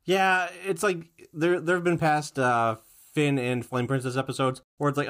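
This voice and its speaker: A man co-hosting a podcast, casually recapping a cartoon episode in a relaxed way, with fillers and restarts. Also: a little high, moderate pace, hardly any pauses. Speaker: podcast co-host.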